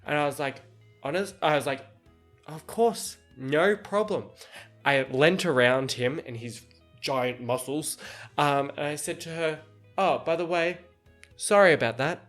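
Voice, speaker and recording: Male podcast host, light high-ish voice, chatty and animated, plays out quoted dialogue. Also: normal speed, faint music behind. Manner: animated, laughs often, acts out quoted dialogue. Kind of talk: casual storytelling monologue.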